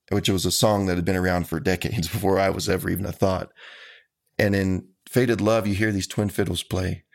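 A man, a country musician, answering interview questions in an earnest, folksy, measured way. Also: low voice.

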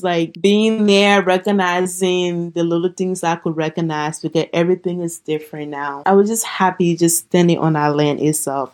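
Low-voiced young woman telling a story. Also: darkish tone. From Liberia. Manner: chatty, with many "like" fillers. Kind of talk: casual personal storytelling.

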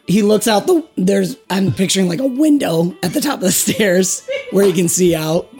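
A game master who says they are still sick and recovering their voice, narrating a tabletop game in halting bursts and then reading the show's outro. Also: medium pitch, lively intonation, a little mellow, faint music behind. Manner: halting, with many fillers and restarts. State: still sick, voice not fully back.

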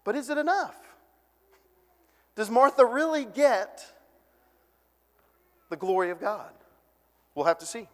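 A man preaching a sermon as a pastor, conversational and animated, acting out voices when he quotes people. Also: very high voice, unhurried, pauses often, long reverb tail.

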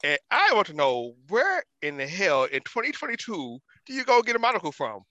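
Guy talking super fast, bright and kinda high voice, can't believe what he saw. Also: no room sound, lo-fi sound. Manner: incredulous, excited storytelling. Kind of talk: casual chat.

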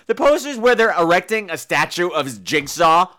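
Sarcastic guy ranting about movies, high bright voice, swears a lot, super animated. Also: moderate pace. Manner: sarcastic, swears freely, mimics people. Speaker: podcast host reviewing films. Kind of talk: profane comedic rant.

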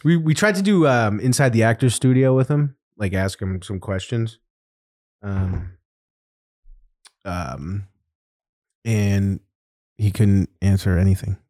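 A man's voice: fairly low pitch, slow pace, pauses often. A man hosting a podcast in casual chat, telling a story with lots of laughter. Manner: animated storytelling, laughing often. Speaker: podcast host.

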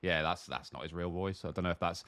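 A man's voice: deep voice, fast talker, fairly bright tone, clean tone, no room sound. A British man with a Southeast English accent chatting bluntly and swearing freely on an esports podcast. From Britain. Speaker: esports broadcaster, podcast guest. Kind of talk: casual chat.

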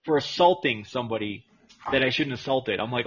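A man's voice: medium pitch, a little fast, a bit bright. A man co-hosting a podcast, telling crude stories bluntly with a lot of swearing. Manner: blunt, profane storyteller. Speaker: podcast co-host. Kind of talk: crude casual chat. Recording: dull lo-fi sound with crowd noise.

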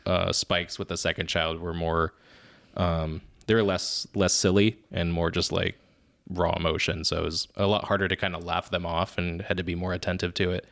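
A man with a low, deep speaking voice, chatting casually on a podcast. He tells stories with energy and often breaks into laughter at his own tales. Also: level tone, normal speed, creaky, a bit bright. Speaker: podcast co-host and father. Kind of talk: casual chat.

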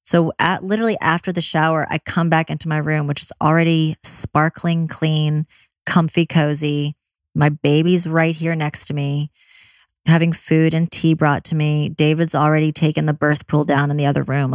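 Woman, low register, candid storyteller, blunt with the odd curse, rushes in bursts, dry recording. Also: darkish tone, no echo. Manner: candid and frank, with blunt swearing; talks in quick bursts with many fillers. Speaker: mother sharing her birth story. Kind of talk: personal storytelling.

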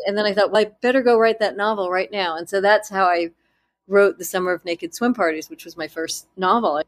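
A woman author in an interview, telling her story in a candid, self-deprecating way with halting restarts. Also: medium pitch.

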